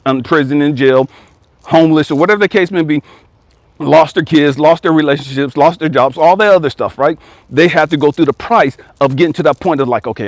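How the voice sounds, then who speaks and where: A man's voice: on the high side, dry recording. Blunt, profane preachy man, dry close sound. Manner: blunt, profane, preachy, mimics whiny voices. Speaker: life coach. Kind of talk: profane motivational rant.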